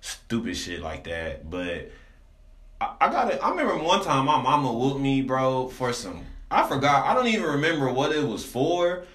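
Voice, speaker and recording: A man's voice: normal speed, reverberant. A young man, hosting a podcast and telling stories in a slangy, laid-back casual chat. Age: young adult. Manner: laid-back slangy storytelling, voice jumps high when animated. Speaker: podcast host.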